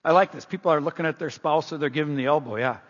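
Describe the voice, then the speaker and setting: A middle-aged man preaching a sermon in an animated, emphatic, repetitive way. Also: on the high side, rapid-fire. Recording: dull reverberant church sound.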